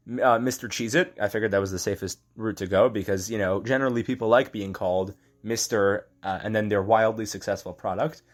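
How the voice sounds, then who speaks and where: A man telling an improvised comic story in a deadpan, halting way, full of fillers and restarts. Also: lowish voice.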